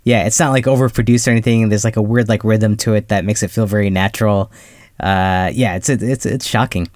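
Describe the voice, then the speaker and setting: A man's voice: fairly low pitch, fairly even intonation, a little fast, darkish tone, no echo, studio quality. A man co-hosting a casual film podcast, giving his reactions in a rambling way with lots of fillers. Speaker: podcast co-host.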